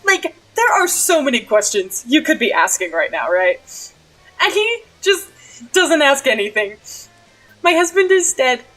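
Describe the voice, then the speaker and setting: A young woman recaps a game session for her viewers in a high, lively voice. She is bubbly and giggly and fills her sentences with "like." Soft music plays faintly behind her. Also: measured pace, low-quality recording. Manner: bubbly and giggly, with frequent "like" fillers. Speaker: streamer recapping a role-play game. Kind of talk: casual storytelling vlog.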